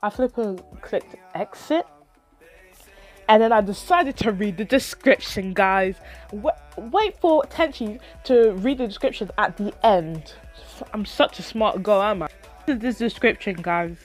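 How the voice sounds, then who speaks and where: A woman's voice: medium pitch, animated, unhurried, soft background music. A young woman telling a story to her vlog audience, dramatic and swearing, acting out her own reactions. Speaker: YouTube vlogger. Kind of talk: animated storytime retelling.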